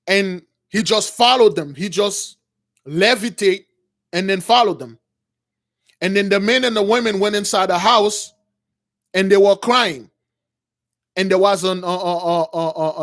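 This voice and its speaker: A man with a notably high voice tells a dramatic religious story off the cuff. He stumbles, restarts and repeats himself as he works through the scenes, but stays earnest throughout. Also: fairly bright tone. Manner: halting, with many restarts and repeated words. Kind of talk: unscripted retelling of a vision.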